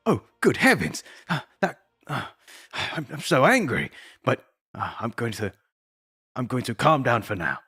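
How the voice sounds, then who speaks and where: A man's voice: mid-range voice, sing-song, measured pace, sharp tone, slightly rough, dry recording, studio quality, exaggerated voice. A man voicing a jittery young hero who stammers when he gets flustered.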